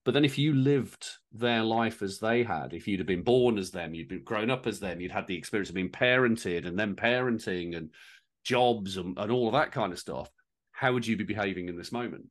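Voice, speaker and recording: A man's voice: fairly low pitch, moderate pace. A man co-hosting a podcast, reflecting in casual chat with restarts and wry asides. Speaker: podcast co-host.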